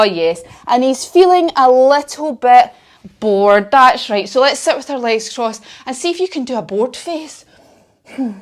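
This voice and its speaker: A woman guiding children through a yoga lesson told as a story. Her voice sits a little high, and she sounds upbeat, playful and encouraging as she talks them through each pose. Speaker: kids yoga instructor.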